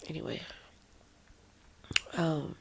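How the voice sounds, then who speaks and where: Drawing out her words in a darkish tone, a woman hosting a podcast delivers a raw, self-deprecating, rambling monologue about something personal and emotional, her voice still tearful from crying.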